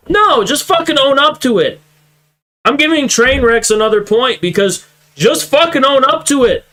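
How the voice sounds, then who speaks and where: A man's voice: extremely high pitch, big pitch swings, measured pace, long pauses, bright, forceful tone. A young man streaming, who reacts to a clip with mocking, profane commentary that keeps getting more heated. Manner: mocking, swearing, growing heated. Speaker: political streamer reacting to clips.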